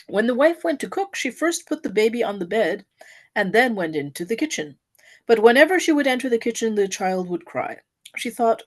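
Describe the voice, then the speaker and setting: A woman giving a devotional offering, reading a story aloud in an earnest, expressive storytelling manner. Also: on the high side, normal speed.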